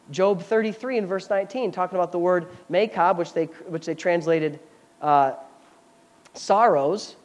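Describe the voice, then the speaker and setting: A man's voice: high voice, a little mellow. Pastor, male, fervent sermon delivery with conversational asides while teaching scripture. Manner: fervent preaching with scripture reading; explanatory, chatty asides.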